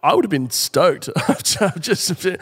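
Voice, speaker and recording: Man, podcast co-host, rambling storyteller, fairly high voice, long reverb. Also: very animated, slow, husky. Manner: rambling, laughs often, puts on high girly voices for quotes. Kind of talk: casual storytelling chat.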